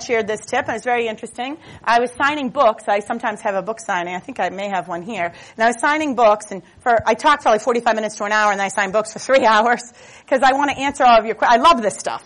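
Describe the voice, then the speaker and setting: A woman speaks from a stage as a motivational speaker, her voice sitting a touch high. She talks nonstop in a lively, storytelling way, dropping self-mocking jokes as she goes. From Boston. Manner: jokey, self-mocking asides. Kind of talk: stage talk.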